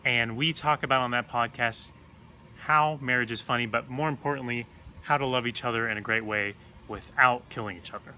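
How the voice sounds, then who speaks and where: Young man, co-host, casual chat, easygoing, hesitant, bright tone, faint noise. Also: medium pitch, brisk. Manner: easygoing, hesitant, full of "like" and "kinda". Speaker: podcast co-host. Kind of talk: casual live-stream chat.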